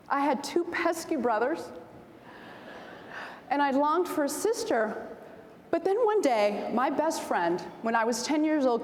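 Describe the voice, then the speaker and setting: A woman in her forties giving a storytelling speech at a convention, animated and acting out the voices in her anecdotes. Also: high-pitched, a little hiss or hum. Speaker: keynote speaker. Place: large convention hall. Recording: roomy hall reverb, faint ambience.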